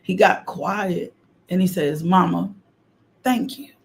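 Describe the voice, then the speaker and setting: A middle-aged woman preaching a fervent morning devotional on a livestream, repeating phrases and breaking into loud exclamations. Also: on the low side, slow pace, vocal fry. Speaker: host of a morning devotional stream. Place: home livestream.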